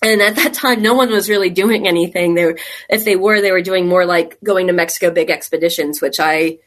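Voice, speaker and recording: A woman's voice: fairly low pitch, brisk. A woman from Texas, a caver, telling stories in a rambling, chatty way during a casual interview, laughing often. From Texas, USA. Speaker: guest caver.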